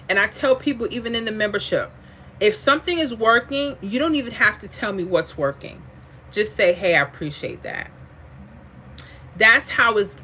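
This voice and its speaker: A woman hosting a lottery livestream, chatting casually, reading viewer comments aloud and drifting into animated asides. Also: medium pitch, a little hiss or hum.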